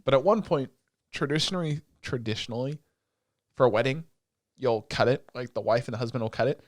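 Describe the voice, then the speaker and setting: A man's voice: mid-range voice, brisk, dry recording, studio quality. A man co-hosting a podcast, casually retelling an anime plot with acted quotes and swearing. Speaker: podcast co-host. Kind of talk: casual chat.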